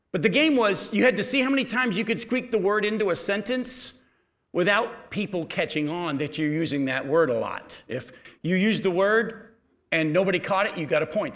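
A middle-aged pastor preaching a sermon, telling a personal story and swinging from quiet asides to loud, emphatic exhortation. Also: male voice, sits high.

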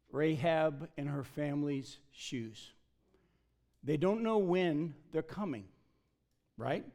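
A man preaching a sermon, emphatic and animated, often acting out the people he quotes. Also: on the high side. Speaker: pastor.

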